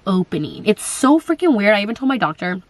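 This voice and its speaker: A woman's voice: mid-range voice, very animated, quick pace, no room sound. A young woman in casual chat, answering viewer questions on her vlog, talking in a chatty way with lots of fillers and quoted asides.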